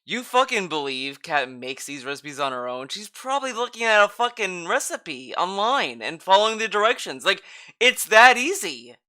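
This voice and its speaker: A man's voice: sits high, sing-song, moderate pace, bright, forceful tone. Mocking, foul-mouthed male reaction streamer. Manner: mocking, sarcastic, swears a lot. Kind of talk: profane reaction commentary.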